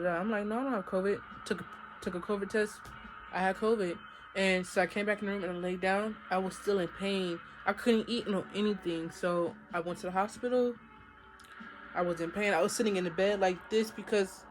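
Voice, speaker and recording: A young woman shares a personal story in a relaxed, chatty vlog voice and keeps turning to her viewers. Her pitch sits in the middle of a woman's range. Soft music plays faintly in the background. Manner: casual, chatty, addresses viewers directly. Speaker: vlogger.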